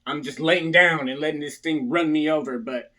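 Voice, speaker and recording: His voice is fairly high, pushed, and bright, moving at a moderate pace as he casually shares a story from his past with viewers. He frequently asks "right?" and acts out other people's lines.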